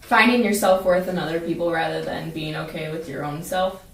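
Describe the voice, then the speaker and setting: A woman's voice: fairly low pitch, brisk, vocal fry. A woman co-hosting a podcast, adding supportive, reflective comments in casual chat. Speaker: podcast co-host. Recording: roomy echo, mic at a distance.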